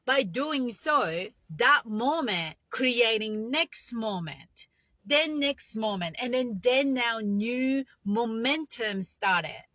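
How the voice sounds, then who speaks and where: A woman's voice: fairly high pitch, animated, takes it slowly, a bit bright, dry recording. A woman meditation coach speaking in a chatty, instructional way, with phrasing, guiding the listener through breaths. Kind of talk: casual instructional talk.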